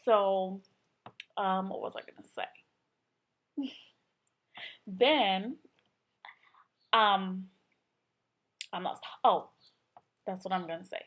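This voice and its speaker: A woman's voice: mid-range voice, expressive, extremely slow, long pauses, fairly bright tone. Chatty young woman telling a story. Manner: chatty, filler-heavy, acts out quotes. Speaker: vlogger. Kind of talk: casual personal storytelling.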